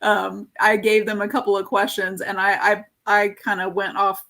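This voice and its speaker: A woman's voice: mid-range voice, flat delivery, normal speed, a bit bright. A woman hosting a casual live-stream interview as an art course teacher, rambling and easily sidetracked.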